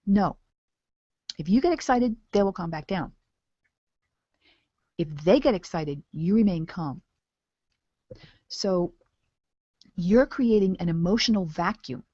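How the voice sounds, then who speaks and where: Animated woman coach, dry lo-fi sound. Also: no room sound. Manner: animated, acts out excited prospects in high voices. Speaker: business coach. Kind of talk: recorded coaching talk.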